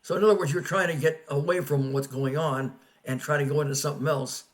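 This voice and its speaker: Fast-talking male interview host. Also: on the high side, steady tone. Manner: asks follow-up questions, sums up answers. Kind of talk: casual interview questions.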